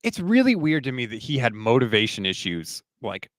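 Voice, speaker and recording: A man co-hosting a casual sports talk livestream, animated and quick to laugh. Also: medium pitch, dry recording, clean studio sound. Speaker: sports podcast co-host.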